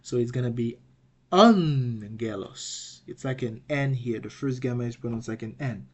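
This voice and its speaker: A man teaching an online language lesson. He often restarts and repeats words, and he says example words loudly twice. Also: mid-range voice, little pitch movement. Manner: halting, restarts and repeats words while explaining.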